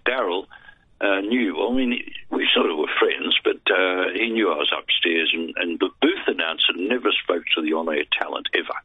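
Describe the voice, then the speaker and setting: A man's voice: low-pitched, husky, no room sound. An older Australian man with no teeth, rambling through self-deprecating stories as a guest on a phone line. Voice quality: gummy speech from having no teeth. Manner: rambling, self-deprecating storyteller with dry jokes. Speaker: guest, veteran broadcaster and voice artist. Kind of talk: casual anecdotal interview chat. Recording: tinny dry phone line.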